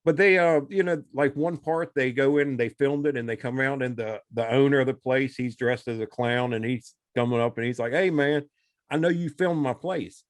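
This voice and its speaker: A man's voice: mid-range voice, a little fast, hardly any pauses, no room sound. Rambling casual man, dry close sound. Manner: rambling, animated retelling with acted-out quotes. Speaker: podcast co-host. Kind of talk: casual chat.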